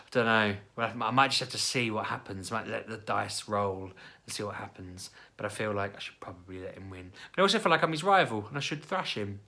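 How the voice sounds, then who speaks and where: A man in his thirties telling a family story in a casual vlog, jumping into high, animated voices when he quotes people. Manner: chatty, acts out quoted lines with sudden high-pitched voices. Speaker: parent vlogger.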